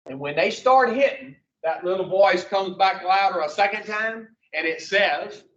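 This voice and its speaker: Recovery group leader, male, high-pitched and unhurried, blunt and cussing; roomy, distant, dull recording. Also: expressive, a bit bright, slight background noise. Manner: blunt, profane, quizzes the group. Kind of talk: teaching a recovery class. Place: room with a group.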